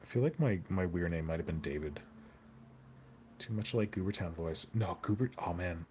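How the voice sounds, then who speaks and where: This man has a deep, darkish voice with lively intonation, speaking at a normal speed over slight background noise. He hosts a hobby live stream, chatting loosely, joking, and reading and answering viewer comments out loud.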